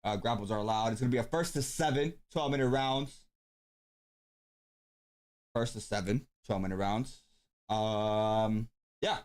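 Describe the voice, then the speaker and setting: A man's voice: fairly low pitch, unhurried, long pauses, a little mellow. Laid-back man hosting a stream. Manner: laid-back, thinks aloud with many ums. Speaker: tournament stream host. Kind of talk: casual live-stream commentary.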